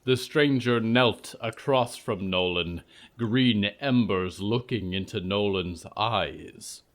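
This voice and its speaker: A man narrating a scripted fiction story in a calm, even voice. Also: fairly low pitch, slow.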